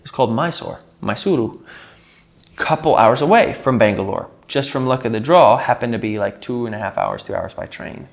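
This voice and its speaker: A man's voice: medium pitch, a little fast, creaky, few pauses. A man talking casually to camera in a vlog, rambling and leaning heavily on filler words. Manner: rambling, heavy use of filler "like". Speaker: vlogger. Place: rented house.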